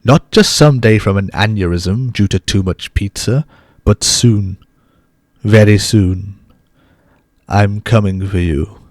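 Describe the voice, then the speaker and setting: A man putting on the voice of a creepy cartoon vampire, reading a threatening letter in a slow, drawn-out, theatrical way. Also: fairly low pitch, a little mellow, dry recording, clean studio sound. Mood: menacing.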